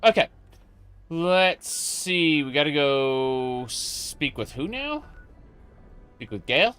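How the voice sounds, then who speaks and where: Man, casual let's-play commentary, relaxed, unhurried, bright clear voice, headset mic. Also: fairly high pitch, soft background music. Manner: relaxed, reads his own dialogue choices aloud. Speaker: gamer playing and commenting.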